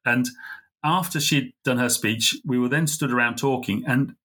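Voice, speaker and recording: A middle-aged man, a podcast guest, telling a heartfelt story in an earnest, halting way. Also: mid-range voice, fairly bright tone, husky. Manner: earnest, halting, full of fillers and restarts. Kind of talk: conversational storytelling.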